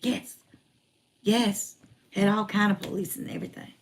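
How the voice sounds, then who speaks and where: A woman in her forties telling a personal story in a lively, colloquial way, repeating phrases for emphasis. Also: medium pitch, moderate pace. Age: 40s. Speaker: motivational speaker.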